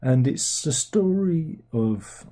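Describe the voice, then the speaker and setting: Sarcastic man ranting, dark voice. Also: mid-range voice, expressive, slow. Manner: sarcastic, rambling, mocks with put-on plummy voices. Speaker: livestream host. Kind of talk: casual film rant.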